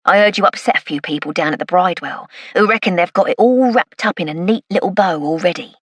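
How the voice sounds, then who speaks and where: A man's voice: high-pitched, fast talker, fairly bright tone, no room sound, studio quality. A woman voicing a sly, leering male informant from London's East End in an audiobook, with a cocky, wheedling manner. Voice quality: cackling laugh, wheedling banter. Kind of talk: audiobook character voice.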